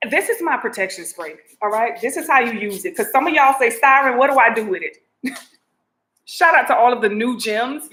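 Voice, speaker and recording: A woman talks straight to her viewers as host of her own show. Her voice is bright and sits a little high, and she keeps the chat casual. She circles back often with asides to the audience. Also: rough recording. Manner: chatty, repetitive asides to the audience.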